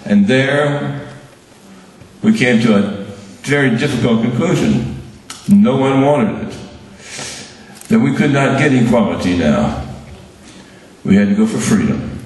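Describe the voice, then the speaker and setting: A man's voice: medium pitch, lively intonation, darkish tone. Older man, very echoey hall. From Birmingham, Alabama. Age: 70s. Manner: halting storytelling with restarts and dry humor. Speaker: award recipient giving a speech. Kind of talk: reminiscing speech to an audience. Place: large hall at an awards event. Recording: very echoey hall, mic far off.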